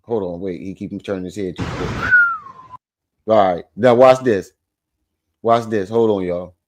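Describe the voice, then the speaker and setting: A man hosting a casual livestream, loud, profane and teasing as he jokes with the chat. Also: on the low side, measured pace. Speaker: livestream host.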